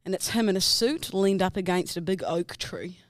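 A young woman co-hosting a podcast, telling stories in a casual, animated way. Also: medium pitch, normal speed, dry recording, clean studio sound. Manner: laughing, animated storytelling. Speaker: podcast co-host. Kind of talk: casual chat.

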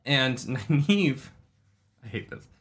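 A man's voice: medium pitch, expressive, slow pace. A man co-hosting a casual book-club podcast, joking around and reading quotes aloud. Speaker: podcast co-host.

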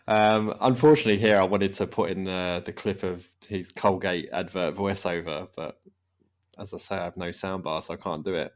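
A man with a very low, deep voice hosts a relaxed football podcast among friends. He rambles through his notes, trails off mid-sentence and breaks into laughter often. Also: moderate pace, pauses often. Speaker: podcast host. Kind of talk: casual chat.

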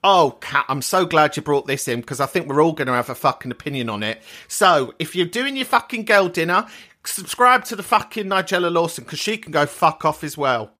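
A woman's voice: low-pitched, brisk. A woman hosting a podcast, ranting with outrage and plenty of swearing in a casual chat. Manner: animated, sweary, outraged rant. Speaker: podcast host.

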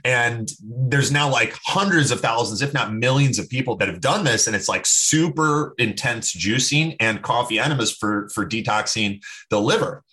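Male podcast guest with an animated, emphatic delivery and a punchy, forceful tone. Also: medium pitch, normal speed, hardly any pauses. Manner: emphatic, opinionated, animated storytelling. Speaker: podcast guest, health expert. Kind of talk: casual interview talk.

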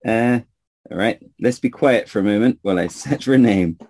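A man's voice: fairly low pitch, normal speed, darkish tone, slight background noise. A man narrating a tabletop game as game master, in an offhand, laughing manner.

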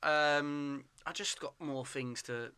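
A man hosting a casual chat, making quick jokes and teasing asides. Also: fairly high pitch, steady tone, sharp tone, smooth.

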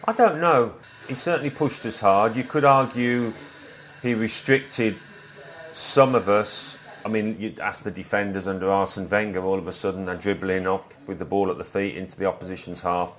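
A man, a former footballer, telling stories from his playing days in a relaxed, reflective interview. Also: on the low side, moderate pace. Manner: reflective, anecdotal, quotes others.

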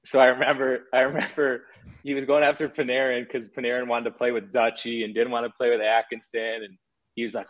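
On a relaxed podcast, a thirties-aged ex-hockey player rambles through stories and keeps restarting. He speaks fairly quickly in a level, mid-range voice, and the sound has a phone-like quality.

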